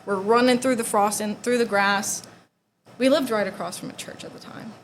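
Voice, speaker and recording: In a rough recording with slight hiss or hum, a young woman talks through her personal testimony. Her medium-pitched voice stays steady at a moderate pace, her speech is loose and heavy with "like," and she sinks to near-whispers when things get painful.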